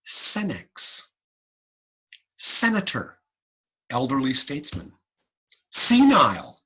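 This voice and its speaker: A middle-aged man teaching over a video call, his pitch leaping up and down as he drills each point. He talks slowly and deliberately, with a bright yet slightly husky tone. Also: low-quality recording. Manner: animated, playful teaching with repeated "guess what" and sound demonstrations. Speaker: hearing-instrument instructor. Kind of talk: online lecture.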